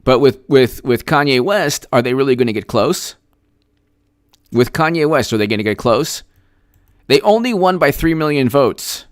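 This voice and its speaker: A man delivers solo political commentary in a medium-pitched, animated voice at a moderate pace, pressing his case with rhetorical questions. He restarts often, leans on fillers, and lets out scoffing, mocking laughs. The tone is clean and the recording is studio quality with no room sound.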